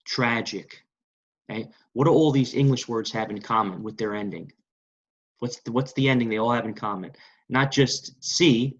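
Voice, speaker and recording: A man's voice: medium pitch, a bit bright, breathy edge. Guy teaching a language lesson, keeps coaxing u to repeat after him, kinda muffled lo-fi sound. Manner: coaxing, repetitive, asks the class to repeat. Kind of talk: classroom-style lesson. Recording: dull lo-fi recording.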